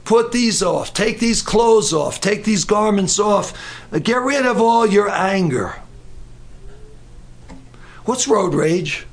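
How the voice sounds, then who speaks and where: A middle-aged man preaching a sermon in an animated way, acting out voices and breaking into shouts. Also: sits high, takes it slowly, long pauses.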